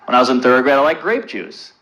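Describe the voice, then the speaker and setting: A man performing a stand-up comedy set with deadpan dark one-liners and questions to the crowd, on a club stage. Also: medium pitch, fast, rough recording. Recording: loud background noise.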